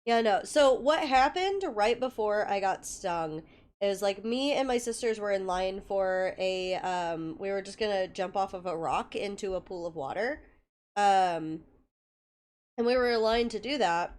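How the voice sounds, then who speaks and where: A woman's voice: medium pitch, measured pace, darkish tone. A young woman chatting casually with her viewers as a livestreamer, telling stories and swearing freely. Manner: chatty storytelling with frequent swearing; greets viewers by name.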